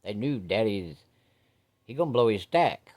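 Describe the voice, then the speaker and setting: A man's voice: lowish voice, very animated, measured pace, a little mellow. A man telling a story in a folksy, casual way, cussing freely and talking straight to his listeners.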